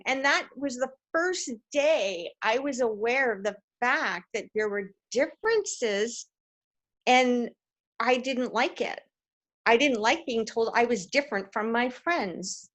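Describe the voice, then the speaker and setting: A woman's voice: fairly high pitch, a little slow. A woman from Canada in a casual group video call, telling stories animatedly and acting out quoted voices. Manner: animated storyteller, acts out quotes. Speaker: discussion participant.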